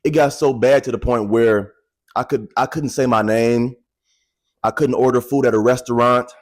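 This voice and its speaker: A man in his twenties talking to viewers in a casual, animated testimony, repeating phrases for emphasis, into a handheld microphone. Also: mid-range voice, normal speed. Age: 20s. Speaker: vlogger.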